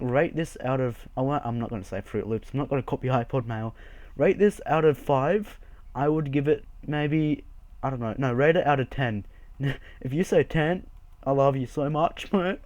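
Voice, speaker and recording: A man's voice: medium pitch, a little mellow, dry recording. A young man hosting a casual game video, chatty, rambling and jokey as he walks through his build. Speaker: Minecraft server video host. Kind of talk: casual gameplay commentary.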